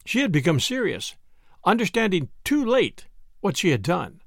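A man narrating a classic short story as the podcast's reader, in a measured storytelling manner. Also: high-pitched, big pitch swings, vocal fry, a bit bright, dry recording, clean studio sound. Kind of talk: scripted narration.

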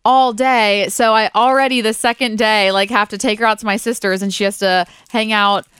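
A young woman co-host chatting on a podcast, excitable and full of exclamations. Her voice is smooth and clear, recorded dry and close with no room sound. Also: medium pitch, dry recording. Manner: gushing, chatty, quick to exclaim. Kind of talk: casual chat.

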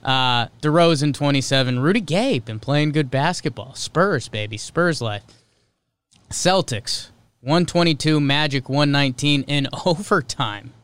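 A man hosting a casual sports podcast, reading off game scores in quick, clipped bursts with loose, offhand commentary in between. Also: a little high, a bit bright, smooth. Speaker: podcast host.

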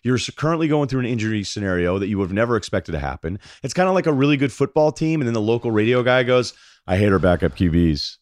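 A man as a guest on a sports podcast, arguing his points quickly and sarcastically. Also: mid-range voice, animated, dry recording, studio quality. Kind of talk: casual sports podcast chat.

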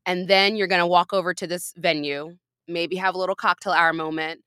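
A woman's voice: on the low side, steady tone, a little fast, a bit bright, clean tone, no echo, studio quality. A woman hosting a podcast in casual chat, upbeat and encouraging with a playful manner. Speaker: podcast host.

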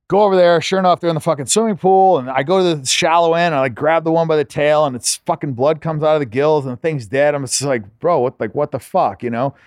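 A man's voice: a little high, dry recording, studio quality. A man telling stories as a podcast guest in a laid-back, profane way, full of filler words. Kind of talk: casual storytelling.

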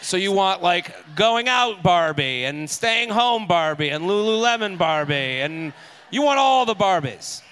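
A man's voice: high-pitched, expressive, a bit bright, slight background noise. A man co-hosting a podcast live on stage, riffing jokes with the crowd. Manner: joking, riffing quickly with a crowd. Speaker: podcast co-host. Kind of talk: comedic live podcast banter. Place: on stage in a theater.

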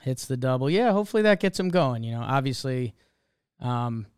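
A man's voice: medium pitch, lively intonation, a little fast, smooth, no echo, studio quality. Laid-back, wry man. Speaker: podcast co-host. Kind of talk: casual sports chat.

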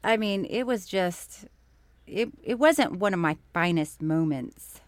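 A woman co-hosting a podcast in casual chat, an animated storyteller who breaks into loud laughter. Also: lowish voice, slow, no echo, clean studio sound. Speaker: podcast co-host.

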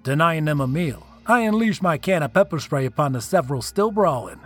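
A man narrates a scripted first-person horror story in a slightly raised voice. He builds drama and leans into the tense beats. Soft music plays quietly behind him. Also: a little high, animated, fairly quick.

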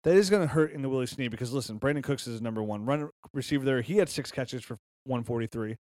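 A man co-hosting a podcast, chatting about football in a lively, joking, excitable way. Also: mid-range voice, quick pace, no echo, clean studio sound. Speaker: podcast co-host. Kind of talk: casual sports chat.

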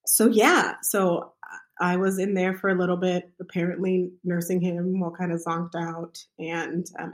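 A woman with a somewhat low voice tells a personal story in a casual, chatty way, as a midwife speaking from her own experience. Her talk is loose and conversational, with plenty of fillers.

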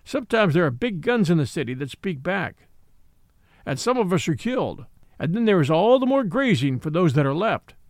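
A stolid young army mule who states things plainly, as if they were simple facts. A man gives him a fairly high voice with lively rises and falls. The sound is dry and up close. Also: moderate pace, no room sound. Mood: matter-of-fact. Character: young male gun mule, stolid and matter-of-fact.

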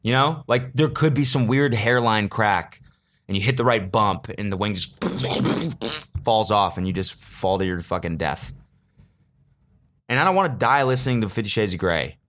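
A man's voice: fairly low pitch, animated, normal speed, a bit bright. A man hosting a podcast, telling a rambling comic story in a casual, sarcastic way, swearing freely and joking before taking it back. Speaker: podcast host.

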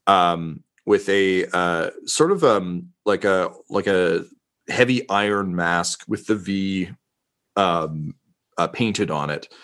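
A man acting as game master, narrating a tabletop game with a halting delivery and many fillers. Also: deep voice, fairly bright tone.

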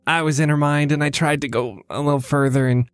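A man's voice: a little high, steady tone, a little fast. Casual man playing a tabletop game. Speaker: player. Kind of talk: in-character tabletop play.

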